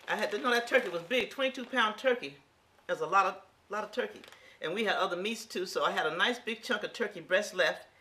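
A woman's voice: medium pitch, bright, forceful tone, slight background noise. Folksy exclamatory woman in her sixties. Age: 60s. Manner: exclamatory and folksy, talks straight to viewers. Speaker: home cook. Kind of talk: casual cooking demonstration.

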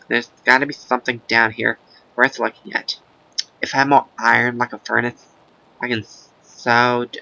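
A man doing casual, rambling video game commentary in a gravelly, goofy put-on voice, breaking into silly sing-song chants. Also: medium pitch, flat delivery, normal speed, pushed and bright, lo-fi sound. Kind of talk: casual let's-play commentary.

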